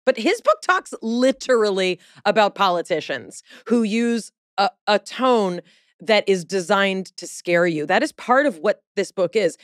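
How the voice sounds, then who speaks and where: A woman hosting a podcast, animated and jokey in casual chat. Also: medium pitch, no echo, clean studio sound. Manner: animated, jokey, quick to laugh. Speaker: podcast host.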